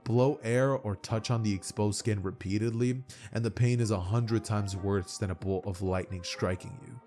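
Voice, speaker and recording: A ruthless martial artist speaks in a low, clipped, menacing monotone, as a man puts him on. He sounds cold and blunt, a harsh teacher with no patience. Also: normal speed, faint music behind, lightly acted.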